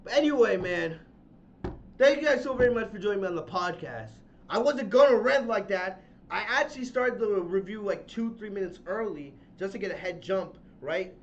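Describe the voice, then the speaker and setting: Very high-voiced man ranting angrily. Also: lively intonation, moderate pace, a little hiss or hum. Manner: angry, profane, loud ranting with repeated phrases. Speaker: podcast host. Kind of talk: ranting wrestling review podcast. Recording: dull lo-fi sound.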